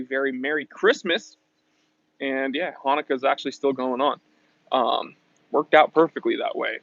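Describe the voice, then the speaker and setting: A man's voice: mid-range voice, fairly bright tone, dry recording, lo-fi sound. Chatty man hosting a livestream. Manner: chatty, greets viewers and reads their comments aloud. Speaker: livestream host. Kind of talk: casual livestream chat. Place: outdoors in the shade.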